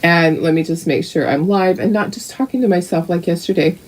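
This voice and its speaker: A woman's voice: fairly low pitch, fairly quick, low-quality recording. A middle-aged woman hosting a casual live craft painting tutorial, chatting and greeting viewers by name.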